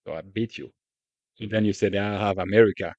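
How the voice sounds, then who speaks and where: A man's voice: fairly low pitch, fairly even intonation, brisk, darkish tone, dry recording. A man with a French accent, a native French speaker co-hosting a podcast in casual chat, talkative and casually profane. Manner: talkative, swears casually, frequent restarts. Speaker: podcast co-host. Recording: dry, slightly dull sound.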